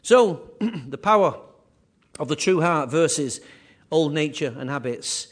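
A man preaching a sermon as pastor, animated and repetitive, with conversational asides. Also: fairly high pitch, takes it slowly. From England.

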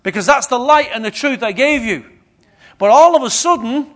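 High-voiced preacher. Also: male voice, fairly quick. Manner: lively, questions the congregation. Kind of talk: sermon.

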